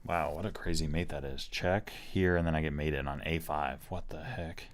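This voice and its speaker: A man with a deep, low-pitched voice thinks aloud while playing chess online. He speaks casually and hesitantly, often circling back and hedging his points. He is recorded on a desk mic at a home computer. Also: fairly even intonation, moderate pace. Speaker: chess streamer.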